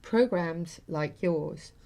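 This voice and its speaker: A woman's voice: lowish voice, very slow, creaky, mellow. A middle-aged woman hosting a talk show, telling an emotional story in an earnest, casual way with many fillers.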